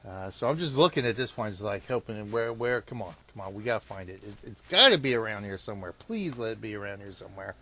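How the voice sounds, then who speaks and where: A man casually commenting on his own hunting gameplay, rambling and self-mocking, laughing at his blunders and swinging between hushed muttering and loud exasperated outbursts. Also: on the low side, animated, fast, hardly any pauses.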